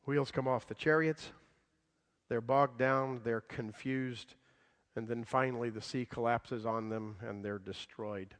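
A man preaching a sermon, dramatic, swinging from loud outbursts to hushed lines and acting out the voices in the story. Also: mid-range voice, fairly even intonation, a little slow, long reverb tail. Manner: acts out quoted voices in the story.

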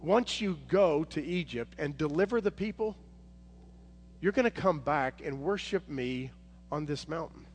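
God calling out, voiced by a preacher. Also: male voice, a little high, expressive, unhurried. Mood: assuring. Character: God, commanding divine male voice calling a shepherd. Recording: hall reverb, faint noise.

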